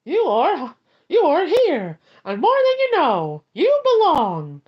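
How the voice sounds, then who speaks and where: A woman doing a squeaky Mickey Mouse voice. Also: wildly swooping pitch, exaggerated voice. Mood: tender. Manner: slow, sing-song poem reading. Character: squeaky high cartoon mouse, cheery. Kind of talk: ASMR poem reading. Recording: dull lo-fi stream audio.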